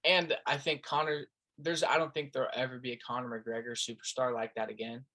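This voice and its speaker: A man's voice: medium pitch, level tone, a little fast, pushed and bright. A young man from Las Vegas hosting a casual podcast interview, easygoing and agreeable, often chiming in with short affirmations. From Las Vegas, United States. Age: young adult. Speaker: podcast host.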